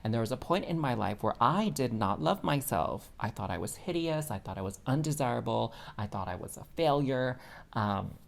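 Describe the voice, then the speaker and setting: A man giving a pick-a-card tarot reading as host, sassy and expressive, calling the listener honey. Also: mid-range voice, normal speed, gravelly. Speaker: tarot reader.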